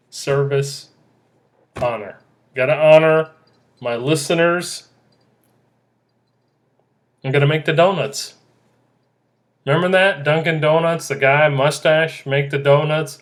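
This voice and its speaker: A man hosting his own podcast in an excitable, rambling solo monologue, often repeating himself and joking about his own eccentricity. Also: a little high, slow pace, long pauses. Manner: excitable, repetitive, self-deprecating. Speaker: podcast host.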